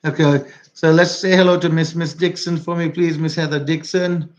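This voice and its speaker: A man's voice: a little high, flat delivery, moderate pace, lo-fi sound. A man with a Jamaican accent hosting a casual livestream while out walking. He chats, repeats himself and greets viewers by name. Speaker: livestream host. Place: walking outdoors.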